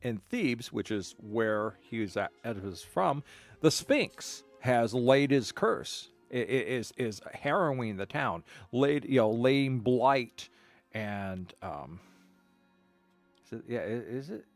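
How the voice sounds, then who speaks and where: A man's voice: mid-range voice, expressive, slow pace, dry recording, faint music behind. A man streaming a game, telling a long story casually, with frequent restarts and stammered repeats. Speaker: gaming streamer.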